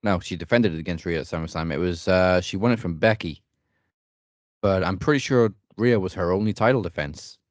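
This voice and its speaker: A man co-hosting a wrestling podcast, calmly breaking down the matches in a measured, analytical way. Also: deep voice, dry recording. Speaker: podcast co-host. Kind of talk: casual chat.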